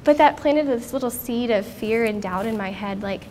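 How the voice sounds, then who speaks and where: Standing on a conference stage, a woman in her thirties recounts a personal experience earnestly and thoughtfully. Her high-leaning voice is mellow and paced normally, with slight background noise.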